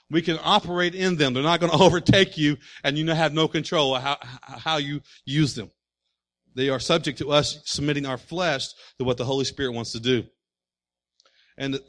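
A man preaching a sermon as pastor, animated and full of rhetorical questions to his congregation. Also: fairly high pitch.

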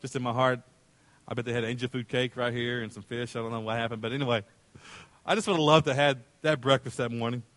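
A male pastor delivering a sermon, acting out voices in the story and moving from loud calls to hushed tender lines. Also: mid-range voice, fairly even intonation, fast, dry recording. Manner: dramatic, acts out voices in the story.

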